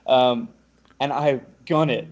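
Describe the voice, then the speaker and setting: A man's voice: medium pitch, slow. Young guy telling a story, does the other people's voices, kinda muffled lo-fi sound. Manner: animated, acts out the other people's lines. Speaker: guest. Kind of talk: casual storytelling.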